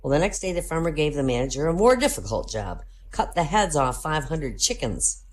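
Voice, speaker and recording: A woman with a lowish voice tells joke after joke as a live comedy set in a voice chat. She narrates steadily and builds toward each punchline. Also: sing-song, a little fast. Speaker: comedian telling jokes.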